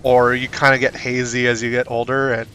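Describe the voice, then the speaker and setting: A man streaming a game, chatting casually, reacting excitedly and reading game text aloud. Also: medium pitch, brisk, a little hiss or hum. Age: adult, not young. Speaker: gaming streamer. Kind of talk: casual let's-play commentary.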